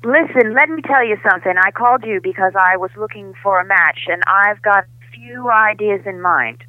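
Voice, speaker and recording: A man's voice: high-pitched, animated, no room sound. A man playing a flamboyant, gossipy old-Hollywood heir with an affected Hollywood accent, calling in for an improvised comedy bit. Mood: grandiose. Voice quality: theatrical, drawn-out, grand. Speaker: caller. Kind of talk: improvised comedy phone call. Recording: tinny phone line, dry.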